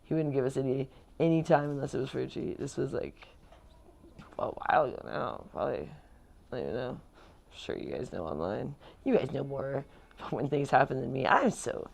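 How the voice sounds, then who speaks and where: A woman's voice: extremely low pitch, vocal fry, a little mellow. A woman vlogger in casual chat, rambling and chatty with lots of fillers.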